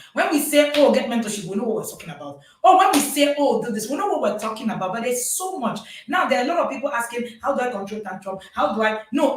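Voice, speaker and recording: A woman's voice: a little high, distant mic. Woman, course host, emphatic and repetitive, set back from the mic in a very echoey room. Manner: emphatic, repeats herself for stress. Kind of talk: live-streamed course talk.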